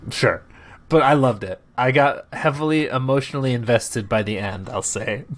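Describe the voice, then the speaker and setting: A man's voice: medium pitch, normal speed. A married man co-hosting a podcast, teasing his partner dryly and asking questions in casual chat. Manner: dry teasing, asks questions. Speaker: podcast co-host.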